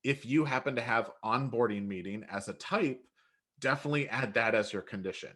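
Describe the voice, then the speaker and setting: Male co-host, average pitch, chatty and quick to add tips. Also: fairly bright tone. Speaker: co-host answering viewer questions. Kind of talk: live webinar instruction.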